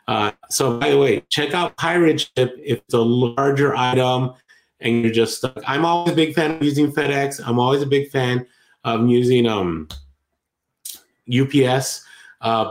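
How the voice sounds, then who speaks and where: Chatty man in an echoey room. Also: medium pitch. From Latin America. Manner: rambling, self-correcting, chatty. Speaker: podcast co-host. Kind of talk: casual chat about online selling.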